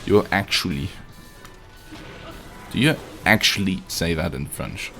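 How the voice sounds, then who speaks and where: With soft music behind him, a man streams a video game live, speaking slowly in a low voice with a sharp tone. He keeps up joking, profane commentary as he talks casually to viewers.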